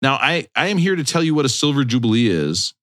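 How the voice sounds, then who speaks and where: A man's voice: mid-range voice, quick pace, no echo, studio quality. A man hosting a casual podcast, joking around and talking animatedly. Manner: jokey, animated, puts on silly voices. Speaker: podcast host.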